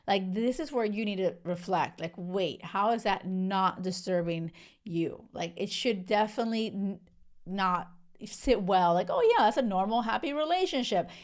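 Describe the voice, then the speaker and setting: Outraged young woman podcast host. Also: medium pitch. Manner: outraged, emphatic, many "like" and "you know" fillers. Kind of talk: casual solo podcast commentary.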